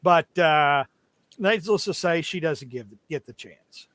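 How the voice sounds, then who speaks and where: A man's voice: fairly high pitch, animated, fairly bright tone, dry recording, clean studio sound. A young man recapping comic book issues in casual chat, joking and stopping often with fillers. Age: young adult. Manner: jokey, halting with many fillers. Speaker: podcast co-host.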